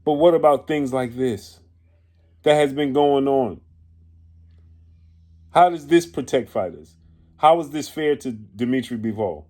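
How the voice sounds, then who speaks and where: A man's voice: medium pitch, dark tone. A man giving opinion commentary on boxing, indignant and firing off rhetorical questions, sometimes stopping to correct himself or search for a word. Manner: pauses to correct himself and grope for words.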